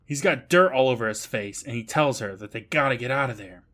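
Lively, animated man recapping with laughs. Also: mid-range voice, fairly quick. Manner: laughing, swearing, recaps plot and mimics characters. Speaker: podcast co-host. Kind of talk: casual recap chat.

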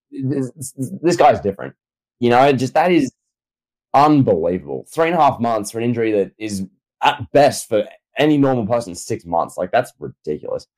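A man's voice: mid-range voice, a little mellow, rough recording. A man co-hosting a casual chat, talking in laid-back, slangy banter. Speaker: co-host.

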